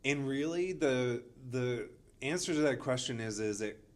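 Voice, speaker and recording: A man's voice: medium pitch, animated, measured pace, a little hiss or hum. A man, a chiropractor co-host who hedges and fills his talk with "kinda" and "you know". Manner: hedging, many fillers like "kinda" and "you know". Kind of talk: casual podcast chat.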